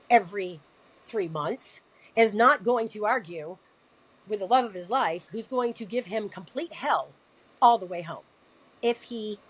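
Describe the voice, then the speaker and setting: A woman's voice: medium pitch, husky, poor audio. A woman speaking as a podcast guest, sharing a personal story in an earnest, emotional way. She often stumbles over her words and restarts sentences as she tries to find them.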